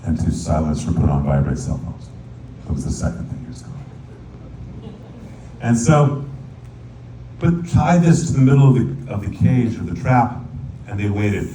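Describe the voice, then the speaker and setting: A man with a low, mellow voice tells a folk tale as a sermon, animated and playful. He sometimes slips into singing a verse. He is heard from a distance in a reverberant sanctuary, with faint room noise behind him. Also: moderate pace, pauses often. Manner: animated storyteller, sings Hebrew verses. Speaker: rabbi. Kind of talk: storytelling sermon. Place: synagogue sanctuary.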